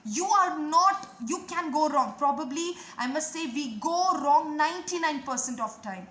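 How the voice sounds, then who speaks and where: A woman preacher delivers a devotional message and prayer to her online audience. She pleads fervently and repeats her points as she urges them on. Her voice sits high, and the room echoes around her. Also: expressive, normal speed, a bit bright. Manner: fervent, repetitive exhortation. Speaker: preacher and online video host.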